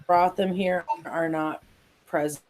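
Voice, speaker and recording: Slow, hesitant woman playing a tabletop game. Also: lowish voice, fairly even intonation, music in the background, rough recording. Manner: hesitant, halting, laughs often. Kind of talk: describing her character's actions.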